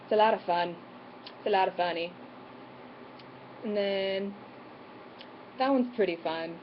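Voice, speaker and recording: A woman's voice: on the low side, quick pace, slight background noise. Rambling woman vlogging, muffled. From Canada. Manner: rambling, lots of "um" and "like". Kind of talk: casual talk to camera.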